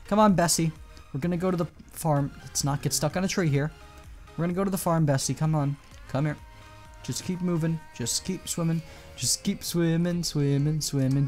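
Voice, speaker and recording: Chatty man narrating his gameplay. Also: mid-range voice. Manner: chatty, rambling, coaxing in-game animals. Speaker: gameplay commentator. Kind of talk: casual gameplay commentary.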